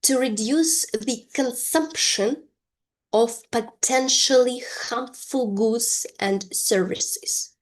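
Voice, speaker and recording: A woman teaching an English lesson, with careful, drawn-out pronunciation drills. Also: fairly high pitch. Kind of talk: language lesson.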